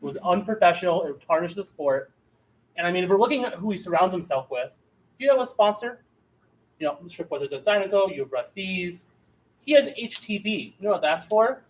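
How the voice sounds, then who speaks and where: A man's voice: high voice, lively intonation, brisk, low-quality recording. A man giving a mock-serious debate speech with impassioned, theatrical outrage.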